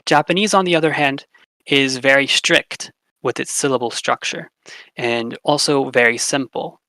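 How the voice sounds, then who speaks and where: A young man explaining phonetics in a casual classroom style, relaxed, with fillers, slowing down to repeat example words. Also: medium pitch, no echo, rough recording. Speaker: language teacher.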